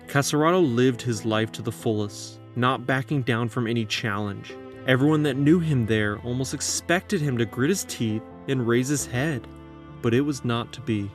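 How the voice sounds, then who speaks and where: Man, scripted documentary narration, measured dramatic delivery, average pitch, soft music underneath. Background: faint background music.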